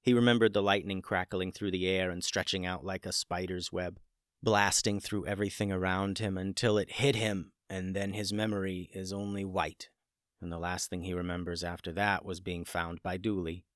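A man narrating a children's story in a gentle storytelling manner, building the excitement through its dramatic parts. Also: low-pitched, normal speed, smooth, no echo, clean studio sound. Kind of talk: scripted narration.

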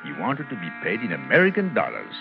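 A sly, self-satisfied swindler who narrates his own misdeeds in a smooth, lively voice that swoops up and down. It is heard through a dull, lo-fi old radio broadcast. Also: quick pace, over music, exaggerated voice. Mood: smug. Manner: smooth, self-satisfied, turns shrill when cornered. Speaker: narrator and lead character. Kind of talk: 1950s radio thriller acting.

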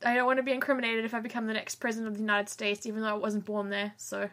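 South African woman guest, high voice, protests with disbelief in casual banter. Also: flat delivery, racing, fairly bright tone. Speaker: podcast guest. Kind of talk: casual chat.

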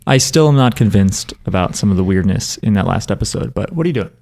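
A young man co-hosting a podcast in casual chat, laid-back and rambling, quick to joke, recorded in an apartment room. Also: lowish voice, lively intonation, vocal fry, a little mellow. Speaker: podcast co-host.

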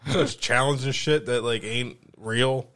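A man hosting a home podcast, telling an animated, profane story in casual chat and acting out the voices of the people he quotes. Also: mid-range voice, unhurried, dry recording, studio quality. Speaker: podcast host.

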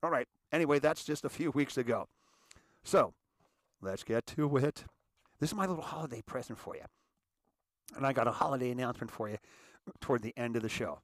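A man's voice: mid-range voice, animated, fairly quick, pauses often, no room sound, studio quality. Rambling man hosting a monologue show. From United States. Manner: rambling, many restarts and repeated words. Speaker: show host. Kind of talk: casual monologue.

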